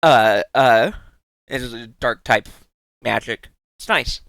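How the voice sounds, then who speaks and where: A man's voice: mid-range voice, slow pace, a bit bright, dry recording. A man streaming live in casual chat, giggling often and rambling in playful asides with many restarts.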